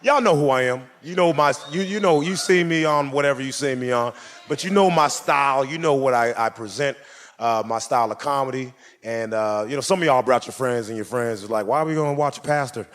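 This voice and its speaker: A stand-up comedian speaks fairly quickly in a mid-range voice, energetically telling a story and acting out its characters. It's a live club set on a comedy stage, with audience laughter and ambient noise.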